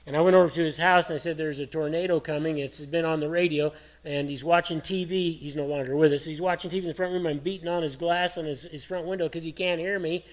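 A middle-aged man preaching a sermon in a folksy, earnest, conversational way, his voice hoarse and cracking. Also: on the high side, fairly even intonation, quick pace, few pauses. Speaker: pastor.

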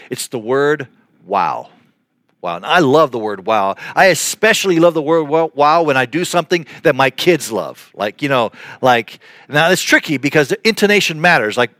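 Male pastor, 50s, casual animated sermon delivery, slightly high voice. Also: no room sound, studio quality. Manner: conversational, animated with playful asides. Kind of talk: podcast sermon.

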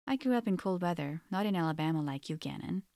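A woman's voice: lowish voice, expressive, quick pace, darkish tone, dry recording, studio quality. A woman reading the lines of an anxious young wife in a story, in a tense, defensive way.

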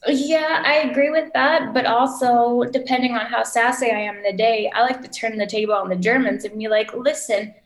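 A woman's voice: a little high, fairly quick, few pauses. A woman chatting casually and acting out quoted lines as she tells stories. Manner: animated storyteller, acts out quotes. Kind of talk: casual chat. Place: Munich. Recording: echoey room.

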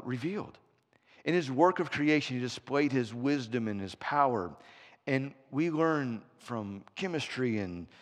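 A man preaching a sermon in a church, telling stories with big swings from quiet to shouting. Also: medium pitch. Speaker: pastor. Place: church sanctuary. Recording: preaching in a church hall with long reverb.

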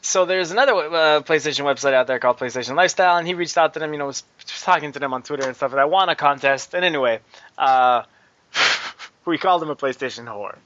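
A man's voice: fairly high pitch, fast talker, a bit bright, a little hiss or hum. A man from Canada co-hosting a podcast, joking and swearing a lot, laughing often in casual chat. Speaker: podcast co-host. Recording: dull, dry close mic.

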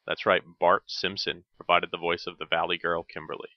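A man's voice: sits low, flat delivery, brisk, no room sound, lo-fi sound. A man narrating a scripted retro cartoon review as host, with dry joking asides.

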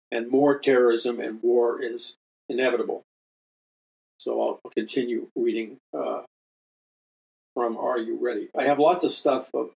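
A man of middle pitch reads from his own book on a radio ministry show and breaks off often to comment. He talks earnestly and with emphasis, stumbling and repeating words as he goes. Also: a little mellow, low-quality recording. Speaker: prophecy minister and radio host.

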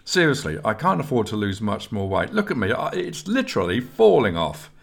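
A man's voice: lowish voice, sing-song, a little fast, vocal fry, voice pushed up, heavily acted. A man doing a whiny, self-pitying young squire. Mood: complaining. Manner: plaintive, complaining.

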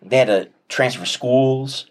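A man, a father and interview guest, telling a heartfelt personal story in an earnest, reflective way with many pauses and restarts. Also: medium pitch.

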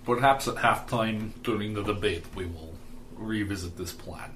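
A man voicing a big, jovial, bearlike male noble in a mock Russian accent, with a dry, measured manner. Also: fairly low pitch, a bit bright, a little hiss or hum, lightly acted. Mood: dry scheming.

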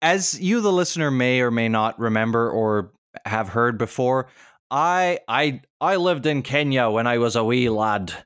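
A man's voice: mid-range voice, lively intonation, measured pace, a bit bright, clean tone, dry recording, studio quality. A man co-hosting a podcast, telling a story in an easygoing, agreeable way with small stumbles. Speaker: podcast co-host. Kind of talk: casual podcast chat.

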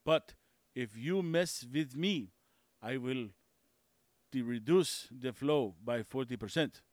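A man's voice: medium pitch, slow pace, a little mellow, dry recording, pitched below the performer's own voice, natural voice. A man putting on a menacing Russian strongman. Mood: threatening. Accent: mock Russian. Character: gruff male Russian leader, threatening.

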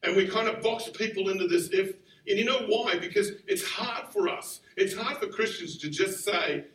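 A man delivers a sermon in a chatty, animated way, acting out little quotes as he goes. His voice sits a bit high for a man. The recording is roomy and from some distance off the mic. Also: normal speed. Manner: animated, conversational, acts out quotes. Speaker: preacher. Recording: roomy sound from far off the mic.

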